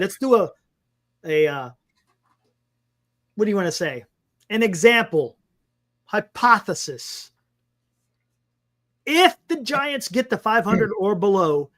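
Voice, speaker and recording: A man's voice: high-pitched, a bit bright. A man co-hosting a casual sports talk show, chatting and reading out viewer comments, often repeating himself.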